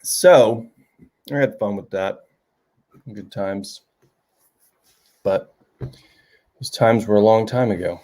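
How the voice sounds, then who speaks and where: A man's voice: on the low side, slow, long pauses, warm tone. Rambling male host telling a story. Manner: rambling, storytelling with many restarts. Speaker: show host. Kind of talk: casual chat to a live audience.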